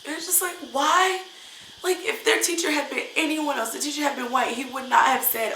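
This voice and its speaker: A woman's voice: high-pitched, steady tone, fairly quick, sharp tone, a little hiss or hum. A woman teacher venting in a casual vlog, upset and full of hesitant fillers. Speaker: English teacher. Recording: roomy echo.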